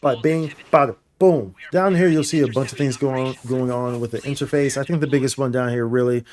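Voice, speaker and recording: A man's voice: medium pitch, steady tone, fast, darkish tone. A man giving an enthusiastic, casual rundown of game updates, tossing in slang like "y'all" and "bro" as he talks to his viewers. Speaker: gaming YouTuber. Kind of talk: excited gameplay update commentary.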